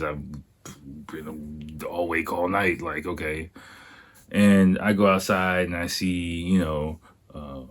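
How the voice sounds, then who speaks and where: A young man hosting a podcast, telling a story casually, laughing often and acting out quotes. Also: low voice. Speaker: podcast host.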